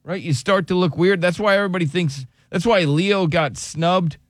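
A man's voice: high-pitched, moderate pace, dry recording, studio quality. A man hosting a morning radio show, teasing his co-hosts and laughing often in casual banter.

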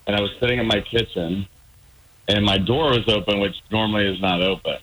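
A caller on a radio phone-in tells a casual story in a rambling, hesitant way, with lots of ums. His voice is lowish with fairly even intonation and a brisk pace, and the background is noisy.

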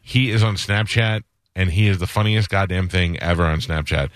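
A man's voice: low-pitched, normal speed, dry recording, clean studio sound. A man hosting a radio show, chatting casually and telling rambling stories, acting out the voices of the people he quotes.

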